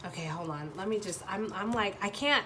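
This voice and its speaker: A woman reads tarot for her viewers, thinking out loud as she goes. She stops and restarts often, hunting for the right words, and curses bluntly. Her voice sits at a middle pitch, with a faint hum of noise behind it. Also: brisk. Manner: blunt, swears freely. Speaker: tarot reader. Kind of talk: pick-a-card tarot reading, thinking aloud.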